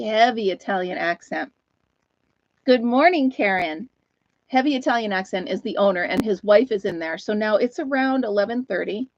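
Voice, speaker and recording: A woman's voice: mid-range voice, dry recording. Chatty woman telling stories on a dry, dull stream. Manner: chatty storyteller, greets viewers by name mid-story. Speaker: host of a live chat stream. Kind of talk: casual live-stream chat.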